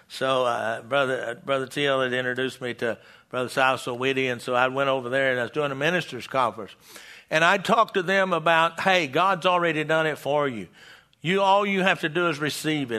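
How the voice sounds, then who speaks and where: A man's voice: mid-range voice, pushed and bright, clean tone. An older man preaching a folksy sermon in a church, stumbling into restarts and tossing out call-and-response asides to the congregation. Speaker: pastor.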